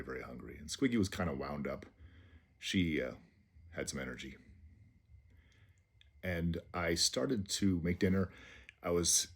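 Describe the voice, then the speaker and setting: Very deep husky man telling a story. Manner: rambling, halting anecdote with fillers. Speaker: vlogger. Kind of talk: casual storytelling. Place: small low-ceilinged home.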